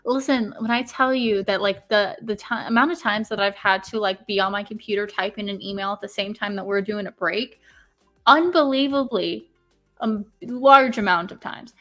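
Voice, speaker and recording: A woman's voice: medium pitch, normal speed, fairly bright tone, faint music behind. A young woman co-hosting a casual live stream, rambling and swearing as she tallies votes. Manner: rambling, swearing, tallying aloud. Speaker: podcast co-host.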